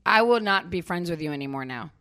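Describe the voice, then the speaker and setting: Bright, teasing woman podcast host. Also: on the low side, animated, fast talker, clear, resonant tone, dry recording, studio quality. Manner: giggly, teasing, playful. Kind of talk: casual comedic chat.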